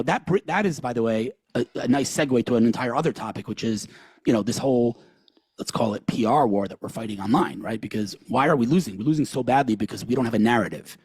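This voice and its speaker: A man with a slightly husky voice speaks quickly and urgently, hosting a heated discussion. He stumbles and restarts as he pushes his points. The sound is dry and close. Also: mid-range voice, lively intonation, a little mellow, dry recording. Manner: fast, earnest, restarts often, acts out quotes. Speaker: podcast host. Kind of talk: impassioned discussion.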